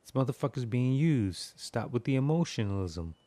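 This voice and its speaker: A man's voice: mid-range voice, expressive, moderate pace, mellow, no echo. A man giving casual film commentary, riffing with heavy profanity and mimicking sound effects.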